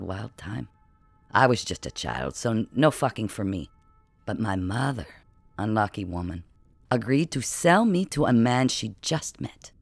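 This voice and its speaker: A man reading the lines of a strange ageless boy who talks in a crisp, odd accent and an unsettling matter-of-fact way, in an audiobook. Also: mid-range voice, no echo.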